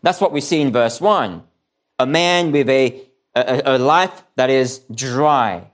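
A man's voice: mid-range voice, slow. A man preaching a sermon, earnest and repeating key phrases for emphasis, sometimes restarting his words. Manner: restarts and stumbles on some words.

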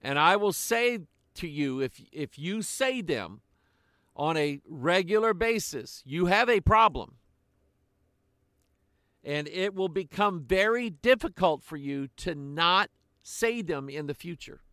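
Older male preacher, slow, measured delivery, higher-pitched voice, dry close sound. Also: lively intonation, fairly bright tone, no room sound. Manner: slow, deliberate preaching with pauses. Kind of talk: sermon.

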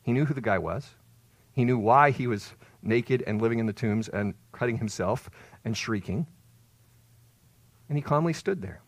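A man's voice: mid-range voice, lively intonation, normal speed, long pauses, no room sound. A man preaching a sermon as pastor, explaining and retelling a story with emphatic swells on key words.

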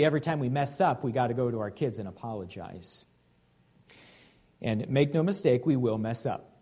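Guy preaching a sermon, kinda high voice, earnest and chatty, keeps asking okay?. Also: darkish tone. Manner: earnest, conversational preaching with frequent "okay?" asides. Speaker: pastor.

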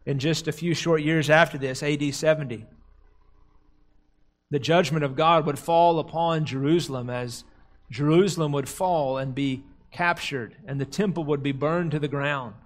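High-voiced man preaching a sermon. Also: fairly even intonation. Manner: slows and drops low for emphasis, quotes crowd cries dramatically. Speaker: pastor.

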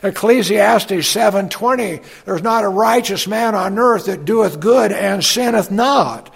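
A man preaching a sermon as a pastor, unhurried, with fillers and folksy asides as he reads scripture aloud. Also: high-pitched, creaky, husky.

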